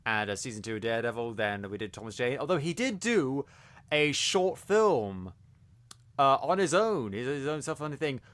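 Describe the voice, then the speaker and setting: A man's voice: mid-range voice, very animated, normal speed, a bit bright. A man co-hosting a casual review podcast, talking with enthusiasm and lots of fillers and restarts. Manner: enthusiastic, rambling with many fillers. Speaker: podcast co-host.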